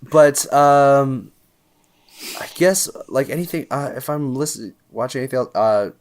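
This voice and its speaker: A man's voice: medium pitch, measured pace, slight background noise. A man co-hosting a podcast in casual chat, goofy and teasing. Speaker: podcast co-host.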